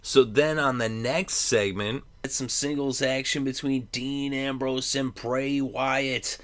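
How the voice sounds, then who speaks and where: Brief: man in his twenties, vlogger recapping and giving opinions, loose rambling delivery, smooth clear voice. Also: medium pitch, fairly even intonation, slow pace. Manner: chatty, rambling, with many fillers. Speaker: wrestling commentary vlogger.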